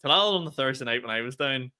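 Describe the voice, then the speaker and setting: A young man, co-hosting a podcast and telling stories in animated, laughing casual chat. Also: mid-range voice. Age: young adult. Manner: fast, animated storytelling with laughter. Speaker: podcast co-host and stand-up comedian.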